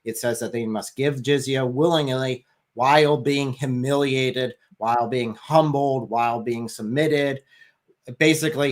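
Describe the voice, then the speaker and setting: A man's voice: mid-range voice, fairly even intonation, a little slow. A man making his case in a livestream discussion, emphatic and sarcastic at times.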